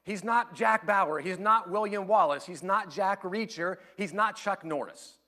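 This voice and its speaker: A man preaching a sermon, telling stories in an animated way and acting out the voices he quotes. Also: sits high, a little slow. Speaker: pastor.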